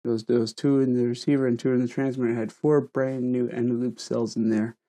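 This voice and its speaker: A man's voice: medium pitch, level tone, a little fast, warm tone. A man reviewing gadgets in a casual vlog, rambling and stuttering, repeating words as he talks into a wireless lapel mic at home. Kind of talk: casual vlog talk to camera. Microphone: wireless lavalier mic.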